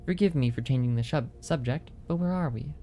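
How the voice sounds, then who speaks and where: A man reading aloud the lines of a nervous young male clerk from a game book, his pitch slightly raised. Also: fairly quick, warm tone, slight background noise, close to an everyday voice. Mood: puzzled.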